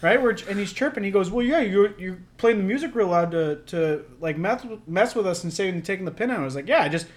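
A man's voice: sits high, expressive, brisk, hardly any pauses. A young man co-hosting a podcast, telling a long story in a rambling, laughing way with lots of fillers. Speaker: podcast co-host. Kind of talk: casual storytelling chat.

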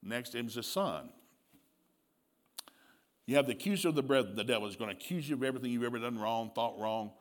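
A male preacher giving a sermon with animated storytelling, laughing often and acting out dialogue. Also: mid-range voice, fast, long pauses.

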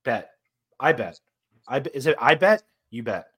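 Lively, wisecracking New York-area man. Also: medium pitch, moderate pace, breathy edge. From New Jersey or New York area. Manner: joking, argumentative, profane. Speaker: podcast co-host. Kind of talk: casual banter.

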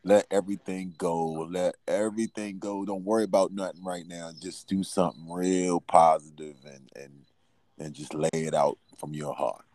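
Deep-voiced man hosting a live stream. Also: fairly even intonation, normal speed, darkish tone, no room sound. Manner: loose, laughing, coaxing guests to perform. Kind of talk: casual live-stream chat.

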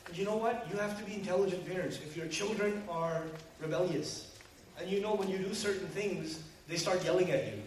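High-voiced male preacher in a booming hall. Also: a little fast, a little hiss or hum. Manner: animated, rhetorical questions, addresses the audience directly. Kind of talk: sermon to a live audience. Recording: very echoey hall, mic far off, faint ambience.

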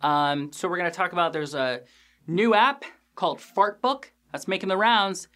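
A young man hosting a podcast, recapping an episode in a casual, animated, jokey way with crude asides and lots of fillers. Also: sits high, moderate pace. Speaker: podcast host reviewing a TV episode.

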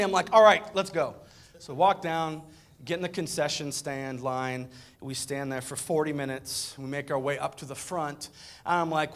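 Male pastor, sermon storytelling, high voice, animated and playful. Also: moderate pace. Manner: animated storyteller, acts out dialogue with rising excitement. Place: church auditorium with a live audience.

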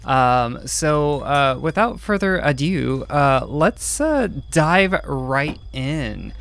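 A man's voice: fairly high pitch, very animated, drawn-out words, vocal fry, a bit bright. A man hosting a tabletop game podcast as game master, talking with frequent ums and uhs. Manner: hesitant, many ums and uhs. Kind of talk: casual podcast chat.

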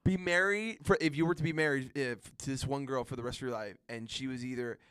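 A man's voice: medium pitch, fast, fairly bright tone, clean tone, dry recording. A man hosting a podcast, loose and joking, swearing freely. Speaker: podcast host. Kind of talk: casual podcast chat.

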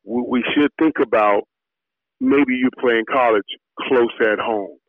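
A man's voice: mid-range voice, a little slow, no room sound. Middle-aged guy from miami telling stories, gets worked up, stammers repeats, sounds like a phone line, dry. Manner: animated storyteller, repeats words when excited. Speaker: guest, former football player. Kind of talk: storytelling interview.

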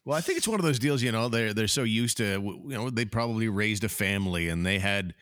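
Low-ish voice, guy hosting a sports podcast, calm and thoughtful, dry sound. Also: no room sound. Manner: measured and reflective. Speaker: podcast host. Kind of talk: casual sports chat.

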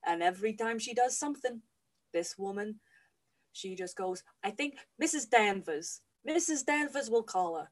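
A woman retelling a story in a comic, profane, animated way. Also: a little high, normal speed.

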